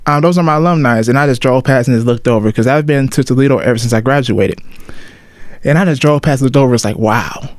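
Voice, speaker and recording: A man's voice: medium pitch, quick pace, no room sound. A man in his twenties talking casually on his solo podcast, loose and slangy, often calling out to listeners as y'all. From Ohio. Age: 20s. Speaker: podcast host.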